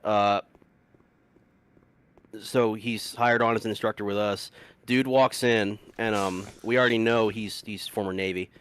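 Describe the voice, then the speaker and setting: Playing a game, a man rambles through stories, laughing and swearing in casual gameplay chat as a commentator. His voice is on the low side, fairly bright and clean, with a steady tone and measured pace.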